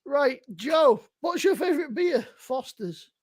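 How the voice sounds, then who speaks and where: A woman co-hosting a live beer review stream, teasing her friends loudly with plenty of swearing. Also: high voice, animated, unhurried. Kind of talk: casual live-stream banter.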